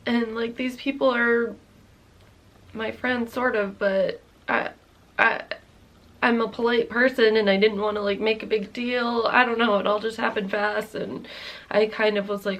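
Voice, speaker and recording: A woman's voice: medium pitch, little pitch movement, a little slow, fairly bright tone. A woman in her thirties telling a personal story to camera in a rambling, candid way, full of "like"s, swearing and nervous laughs. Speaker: vlogger.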